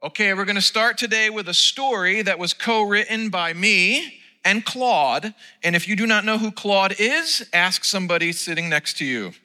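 A man's voice: high-pitched, expressive, normal speed, sharp tone. A man preaching a sermon from the stage of a church, opening with a playful story and then speaking earnestly. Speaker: pastor. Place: church sanctuary. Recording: long reverb in a church hall.

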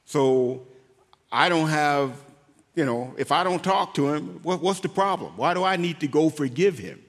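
A man giving an emotional faith testimony as an interview guest, speaking haltingly and repeating words as he goes. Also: a little high, animated, in a large hall. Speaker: guest, former pro football player.

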